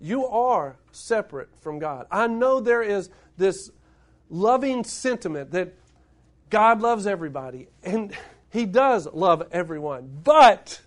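A middle-aged man, preaching a sermon to his congregation, building up to emphatic points and putting questions to them. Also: high-pitched. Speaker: pastor.

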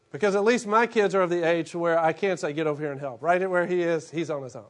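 A middle-aged man gives a conversational, joking sermon in a fairly high voice. He tells it like a story and acts out little scenes as he goes. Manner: humorous, animated storytelling with acted-out asides. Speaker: pastor.

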